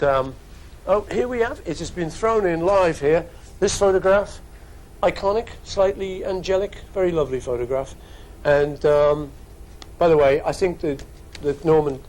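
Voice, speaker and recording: A man's voice: mid-range voice, slight background noise, low-quality recording. A man in his fifties with a Liverpool accent answers fan questions in a casual studio webcast, chatty and joking with wandering asides. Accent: Liverpool English. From England. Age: 50s.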